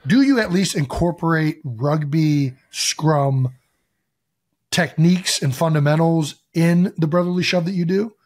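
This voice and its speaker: A man's voice: a little high, unhurried, darkish tone. A man hosting a podcast in casual chat, rambling with lots of filler words. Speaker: podcast host.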